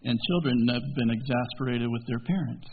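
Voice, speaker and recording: A man preaching a sermon as pastor, swinging from quiet, low asides to loud, emphatic peaks and stretching key words out slowly. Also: a little hiss or hum. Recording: tinny phone-like sound in a reverberant hall.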